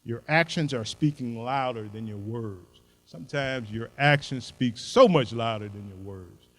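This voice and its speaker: A man's voice: medium pitch, measured pace, fairly bright tone, poor audio. An older man giving a motivational keynote speech in a folksy, emphatic way, driving home short maxims. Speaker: keynote speaker.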